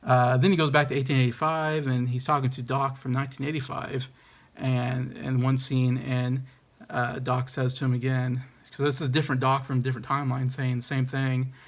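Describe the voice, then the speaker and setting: A man's voice: medium pitch, level tone, brisk. A man giving a casual, enthusiastic movie review, hesitant and rambling with many ums and restarts.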